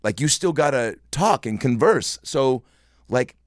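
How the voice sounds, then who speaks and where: A man's voice: mid-range voice, expressive, a little slow, no echo, studio quality. A young man hosting a casual podcast chat, joking and riffing in silly voices. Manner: jokey, riffs with silly put-on voices. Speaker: podcast host.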